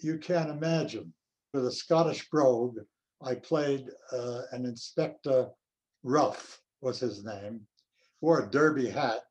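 An older male actor reminiscing in an interview, telling anecdotes in an unhurried way. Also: mid-range voice, darkish tone. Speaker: actor guest.

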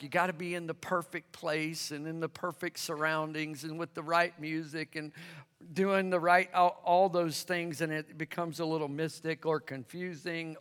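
High-voiced pastor preaching in a reverberant hall. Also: male voice, a bit bright, clean tone. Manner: conversational, calls for congregation to respond. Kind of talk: sermon. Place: church hall with congregation.

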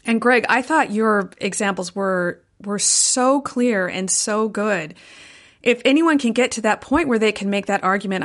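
A woman host speaks in a calm, measured way and sounds reassuring as she explains. Her voice has a moderate, middle pitch. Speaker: podcast host.

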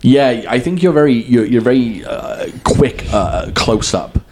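Lively chatty man. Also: mid-range voice, a little slow, noisy background. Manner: chatty, laughs easily, lively delivery. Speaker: podcast co-host. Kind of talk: casual chat.

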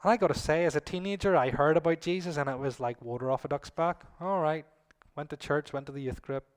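A middle-aged man preaching a sermon to a congregation, swinging between loud, emphatic lines and soft, low asides. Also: quick pace, smooth.

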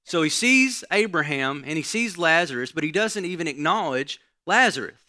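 A man's voice: on the high side, lively intonation, normal speed, pushed and bright, no room sound. A man preaching a conversational sermon, often checking in with the listeners by asking "right?". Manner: conversational teaching, frequent "right?" asides.

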